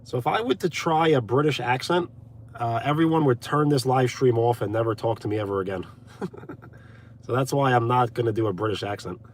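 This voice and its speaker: A man's voice: medium pitch, a little fast, a little hiss or hum. A young man from Brooklyn, chatting casually on a live stream from his car, thanking viewers by name. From Brooklyn, USA. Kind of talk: casual live stream chat reading comments. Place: inside a car.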